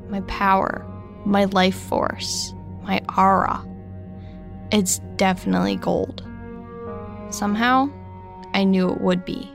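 A young woman narrating a scripted first-person story in a slow, reflective way. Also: medium pitch, creaky.

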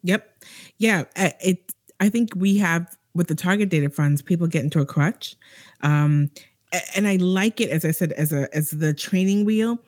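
A woman co-hosting a podcast who speaks as an employer, thinking aloud with pauses and restarts. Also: fairly low pitch, a little mellow, no echo. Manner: thoughtful, hesitant, many fillers and restarts. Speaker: co-host, employer. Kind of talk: casual chat.

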